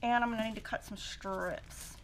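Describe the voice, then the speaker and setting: A woman's voice: fairly high pitch, steady tone, normal speed, a bit bright, a little hiss or hum. A middle-aged woman hosting a quilting livestream, chatting and telling stories while she cuts fabric and thinks aloud through the math. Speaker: quilting show host. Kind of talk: casual chat while cutting fabric.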